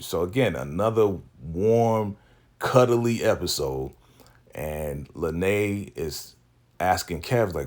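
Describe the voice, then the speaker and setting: Low-voiced man recapping a show. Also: takes it slowly, darkish tone. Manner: laid-back and slangy, acts out characters' lines. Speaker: TV episode recap host. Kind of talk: casual spoken recap commentary.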